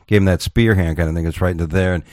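A low-pitched man talking loosely and crudely, stumbling over his words as he spins stories. The sound is dry and close, with no room around him. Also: fairly even intonation, very fast, darkish tone, dry recording. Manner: rambling storytelling, profane, restarts often. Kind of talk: casual chat.

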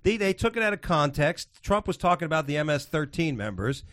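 A man hosts a rough, profane political chat, ranting with excitable energy. His voice sits a little high and sounds dry and close, with no room echo. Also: a little fast. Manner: ranting, excitable, swears constantly.

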